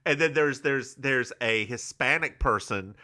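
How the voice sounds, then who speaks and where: A man's voice: medium pitch, unhurried, pushed and bright. A male podcast co-host in campy, giggly casual chat, recapping a TV episode scene by scene. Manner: campy, giggly, recounts scenes with quoted bits.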